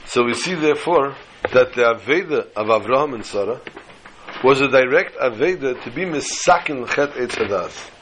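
A man teaching a Torah class, telling a story and drawing slow, emphatic lessons from the text. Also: mid-range voice, lively intonation, fairly bright tone, slight background noise, rough recording. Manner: storytelling, acting out dialogue with slow emphatic phrases.

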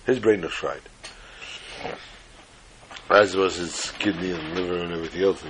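A man's voice: low-pitched, steady tone, moderate pace, noisy background. A man telling a folk tale in a rambling, self-deprecating way, stumbling and repeating words. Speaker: storyteller. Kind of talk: casual spoken storytelling.

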